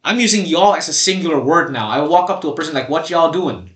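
A man's voice: on the high side, lively intonation, quick pace, fairly bright tone. A seventeen-year-old boy co-hosting a casual podcast chat, rambling with many restarts and fillers. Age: teens. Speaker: podcast co-host. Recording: echoey room.

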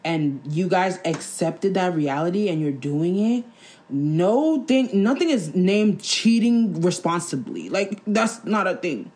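Blunt young woman, low-pitched chat. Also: slow. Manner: blunt, animated, heavy on "like". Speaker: podcast co-host. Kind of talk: casual chat.

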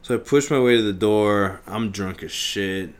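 A young man hosting a podcast, telling a story in a casual, profane, animated way and acting out the scenes. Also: on the low side, moderate pace. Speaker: podcast host.

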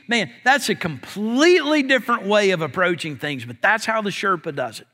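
Bright high-voiced preacher in a reverberant hall. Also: male voice, expressive, moderate pace, few pauses. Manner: conversational preaching, often says "man". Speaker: pastor. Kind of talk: sermon. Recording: long reverb of a church hall.

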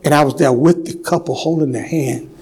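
High-voiced pastor preaching fervently. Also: male voice, slightly rough, low-quality recording. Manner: swings from hushed, slow storytelling to loud, fervent preaching. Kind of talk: sermon. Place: church sanctuary.

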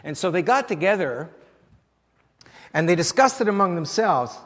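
A man's voice: high voice, very animated, normal speed, big-room sound. A male pastor preaching a sermon in a conversational, storytelling way, often chuckling.

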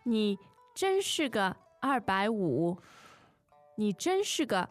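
Slow-speaking woman co-hosting a lesson. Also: mid-range voice, big pitch swings, soft background music. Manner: brief affirmations, playful. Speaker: language podcast co-host. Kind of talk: casual lesson chat.

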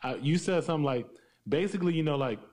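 A man's voice: a little high, lively intonation, fast talker, darkish tone. A man interviewing a guest casually, mostly giving brief, laid-back reactions. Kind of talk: casual conversation.

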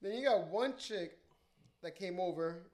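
A young man who works as a DJ, telling profane, animated stories in casual podcast chat. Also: high voice, unhurried. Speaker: DJ and podcast co-host. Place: podcast studio.

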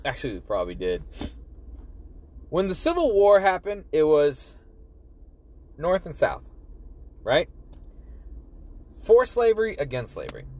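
A man's voice: a little high, a little mellow. A young man ranting casually, rambling and profane, repeating himself as he talks. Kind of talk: casual political rant.

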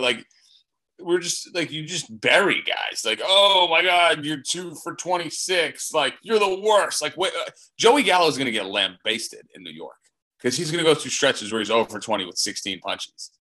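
A man's voice: medium pitch, pushed and bright. A young man co-hosting a podcast, chatting casually about baseball in a loose, slangy, rambling way. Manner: loose, rambling, slangy delivery with "bro" and "dude". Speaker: podcast co-host.

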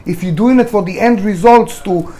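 A middle-aged man who founded a restaurant tells candid stories in an interview, blunt and emotional, swearing freely. His voice is high-pitched with a dark tone, and he talks at a normal speed.

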